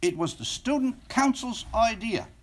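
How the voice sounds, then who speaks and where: A man voicing a bossy high-school girl, the student president and head cheerleader, in a storybook reading. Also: animated. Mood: chirpy. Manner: brisk, commanding, a little pleased with herself.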